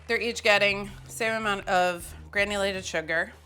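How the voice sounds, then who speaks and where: A woman's voice: mid-range voice, fairly even intonation, moderate pace, sharp tone, soft background music. A woman hosting a cooking show, talking casually and poking fun at herself while she cooks in a kitchen. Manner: chatty and self-mocking, with frequent laughs.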